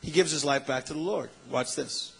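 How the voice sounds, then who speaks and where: A middle-aged male preacher telling a story in a sermon, animated and acting out the voices of people in it, calling out to his listeners. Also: fairly high pitch, moderate pace, gravelly, husky, poor audio.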